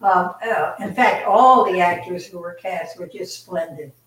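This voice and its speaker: Older actress answering from a distant, roomy mic. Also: female voice, lowish voice, measured pace, a bit bright. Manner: gracious, hesitant, searching for names. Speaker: actress answering a fan question. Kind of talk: convention Q&A.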